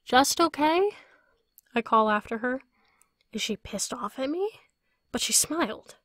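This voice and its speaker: A woman author reading her own novel aloud in an even, first-person storytelling way. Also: fairly high pitch, moderate pace, husky, dry recording, clean studio sound. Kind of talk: audiobook narration.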